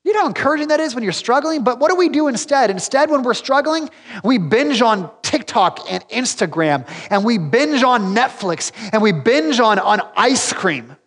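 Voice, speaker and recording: A man's voice: very high-pitched, big pitch swings, normal speed, a bit bright, big-room sound. A man preaching a sermon as pastor, talking to the congregation in a direct, conversational and emphatic way. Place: church sanctuary.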